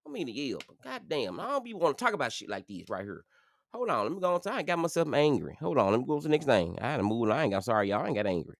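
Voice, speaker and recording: A man in his forties hosting a live stream, rambling and swearing, his voice jumping high when he rants. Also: big pitch swings, rapid-fire, dry recording. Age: 40s. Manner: profane, rambling, jumps high and loud when ranting. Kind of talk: casual live commentary rant.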